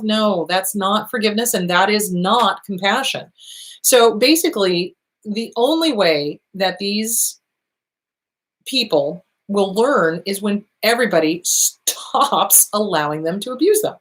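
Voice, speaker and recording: A woman's voice: mid-range voice, expressive, unhurried, fairly bright tone. A woman hosting an advice talk, answering viewer questions bluntly and emphatically, repeating her points and swearing freely, her voice starting to tire.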